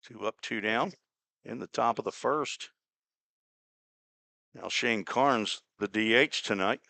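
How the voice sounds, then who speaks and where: A man from Cincinnati calling a baseball game play by play, chatty and folksy, drifting into small talk between pitches. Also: takes it slowly, creaky, sharp tone, no echo. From Cincinnati, Ohio. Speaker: play-by-play announcer. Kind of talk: live baseball radio commentary.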